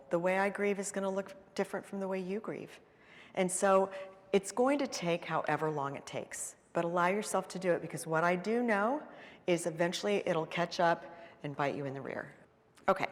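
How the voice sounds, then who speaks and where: A woman therapist giving a live seminar talk, earnest and emphatic, speaking conversationally with frequent fillers. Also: lowish voice. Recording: long hall reverb.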